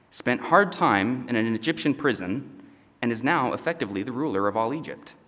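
A man's voice: medium pitch, a bit bright. A pastor preaching and reading scripture in a conversational way, often checking in with his listeners. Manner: conversational, asides with "okay?" and "all right?". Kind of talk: sermon teaching. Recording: long hall reverb.

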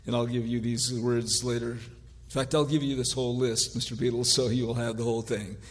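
A man preaching a sermon, reading word lists slowly and adding wry mock-gentle asides. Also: medium pitch, little pitch movement, long reverb tail. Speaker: pastor.

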